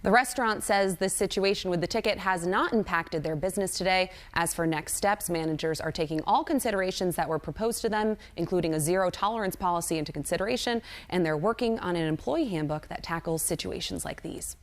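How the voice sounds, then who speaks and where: A woman anchor reads a scripted news story in a steady, formal manner. Her voice sits a little low and the studio sound is clean. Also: brisk.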